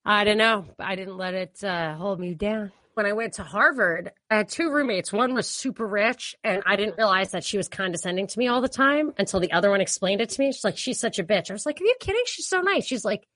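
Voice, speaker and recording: A woman co-hosting a casual political chat, talking in a chatty way with laughing asides and quick restarts. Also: medium pitch, fairly bright tone, no room sound. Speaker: co-host.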